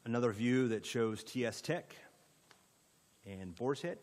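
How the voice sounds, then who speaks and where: A man's voice: medium pitch, lively intonation, measured pace, a little mellow, in a large hall. A man with an Indiana accent presenting a rezoning proposal at a county planning meeting, in an orderly way with frequent fillers. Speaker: economic development presenter.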